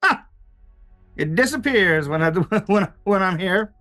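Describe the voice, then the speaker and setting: In a tabletop game, a man performs a full character voice for a sly, smug old woman gambler, pitched above his own natural voice. It's high, bright, and forceful, with lively intonation and a measured pace, and faint music plays behind.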